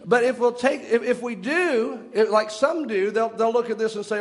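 A man with a high, light voice preaching a sermon. He retells a story through long quotations and then stops to explain each point in an earnest, teaching tone. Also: expressive, normal speed, hardly any pauses. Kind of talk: sermon retelling stories and quotes.

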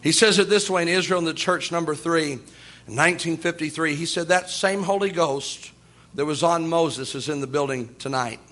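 A man's voice: fairly high pitch, moderate pace, fairly bright tone. A man preaching a sermon in a folksy storytelling way, often chuckling and repeating "oh my".

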